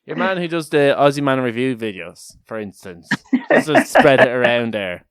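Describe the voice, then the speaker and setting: A man's voice: mid-range voice, big pitch swings, moderate pace. A man co-hosting a casual podcast chat, joking, rambling and swearing freely. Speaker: podcast co-host.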